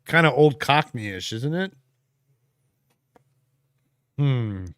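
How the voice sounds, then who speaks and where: Speaking very slowly in a smooth, medium-pitched voice, a man co-hosts a laid-back livestream. He thinks aloud as he replies to viewer comments, relaxed and laughing, with plenty of fillers. The studio-quality sound has no echo.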